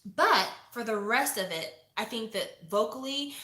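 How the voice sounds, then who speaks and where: A woman in her forties chatting casually to viewers, opinionated and lively, acting out quotes as she reviews a show. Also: on the high side, measured pace. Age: 40s. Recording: echoey room.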